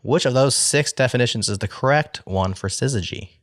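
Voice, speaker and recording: A man's voice: mid-range voice, fairly quick, no echo, clean studio sound. A man hosting a podcast word game, reading definitions aloud and joking with the players. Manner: laughing, playful, reads definitions aloud. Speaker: podcast host, game show moderator. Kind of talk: casual game-show banter.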